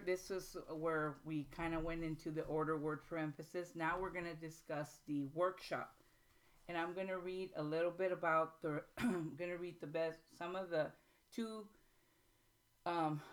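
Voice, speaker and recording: A woman hosting a writing workshop, explaining in an informal, halting way with frequent pauses and restarts, and reading passages aloud slowly. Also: low-pitched, fairly even intonation. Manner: reads excerpts aloud slowly. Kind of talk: informal teaching talk.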